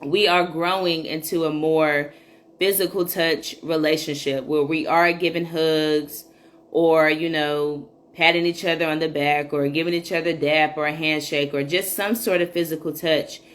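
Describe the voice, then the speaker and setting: A woman with a notably low, deep speaking voice hosts a casual solo podcast. She talks in a chatty, candid, unscripted way, often pausing on an "um" as she thinks. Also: steady tone. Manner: chatty and candid, frequent um fillers. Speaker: podcast host.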